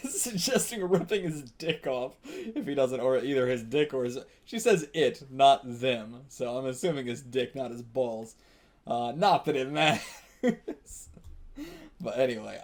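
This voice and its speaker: A man's voice: medium pitch, darkish tone. Laid-back man reacting live, chuckling. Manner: casual, thinks aloud, laughs often, swears. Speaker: manga reaction channel host. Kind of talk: live reaction while reading manga aloud.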